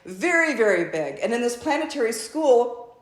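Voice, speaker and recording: Woman, channeled spiritual message, lively sing-song pitch, speaks as "we", roomy echo. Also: normal speed. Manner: speaks as a collective "we", repetitive and effusive.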